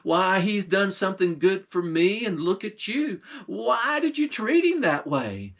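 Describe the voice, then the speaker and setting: A man's voice: high-pitched, big pitch swings, unhurried, fairly bright tone, voice pushed up, exaggerated voice. A man voicing a kindly king made young by magic, earnest and scolding in folksy speech.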